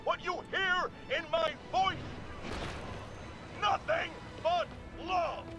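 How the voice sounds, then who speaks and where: A ranting radio host. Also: male voice, very high voice, slow, muffled recording. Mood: indignant. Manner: animated, indignant broadcast delivery. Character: ranting male radio host, loud and self-righteous. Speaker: radio talk show host. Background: game music.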